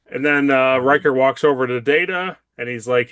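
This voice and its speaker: A man co-hosting a podcast, chatting casually as he recaps a TV episode and acts out the characters' lines in quick impressions. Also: medium pitch, fairly bright tone, clean tone, no room sound. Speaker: podcast co-host.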